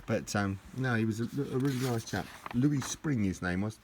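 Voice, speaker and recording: A man's voice: lowish voice, moderate pace, background noise. A middle-aged man, chatting casually as he opens parcels, gushing and rambling with lots of repeats. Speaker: collector vlogger opening parcels. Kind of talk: casual unboxing chat.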